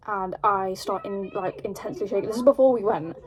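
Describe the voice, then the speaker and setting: A young woman with an English accent telling a rambling, animated story at home while doing her makeup, full of "like". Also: mid-range voice, a little fast, rough recording. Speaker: vlogger. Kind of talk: casual storytime chat.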